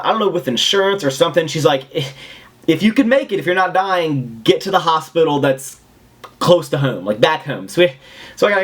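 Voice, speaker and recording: A young man casually telling a rambling, animated story to the camera at home. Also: medium pitch. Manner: animated, rambling, acts out other people's lines. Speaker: fitness vlogger.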